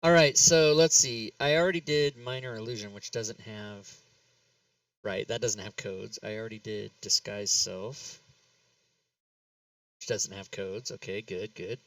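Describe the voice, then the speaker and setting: Bright-voiced man hosting, mic a bit distant. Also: lowish voice, measured pace, no room sound. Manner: rambling, laughs often, talks himself through steps. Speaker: talk show host. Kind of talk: casual chat while working in game software.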